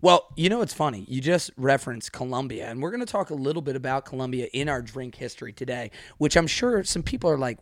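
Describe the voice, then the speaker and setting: A man hosting a podcast in casual chat, energetic and talkative with frequent laughs. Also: medium pitch, fast, hardly any pauses, no echo, studio quality. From Mid-Atlantic United States. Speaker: podcast host.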